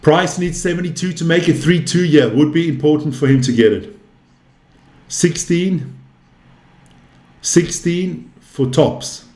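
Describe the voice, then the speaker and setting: A man's voice: on the high side, moderate pace, darkish tone. A man in his fifties hosting a live darts stream, calling scores and chatting casually with viewers. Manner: chatty, calls scores and answers viewer chat. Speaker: darts commentator and stream host. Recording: roomy echo.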